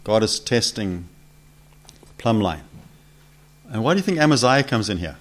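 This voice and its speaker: A man's voice: on the low side, sing-song, moderate pace. A man teaching a Bible study to a gathered group, conversational, asking questions and acting out the voices in the text. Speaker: preacher. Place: meeting room with a live group.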